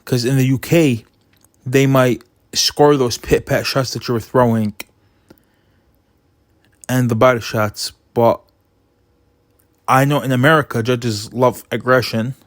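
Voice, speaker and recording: A man giving his opinionated casual commentary on a boxing result, getting animated as he retells funny moments. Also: mid-range voice, unhurried, pauses often, no room sound, clean studio sound.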